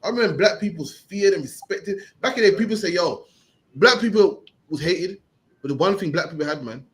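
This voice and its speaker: Fast-talking slangy preacher man. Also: sits high, expressive, low-quality recording. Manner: slangy, emphatic, ends phrases with "man". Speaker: street preacher teaching. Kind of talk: animated teaching with questions.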